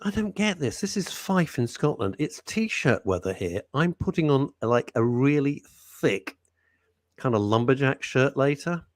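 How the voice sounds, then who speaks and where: Male radio host, jokey rambling banter, very lively pitch, dry close studio sound. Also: unhurried, hardly any pauses, no echo. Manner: rambling, jokey, reads out listener messages. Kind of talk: chatty live radio banter.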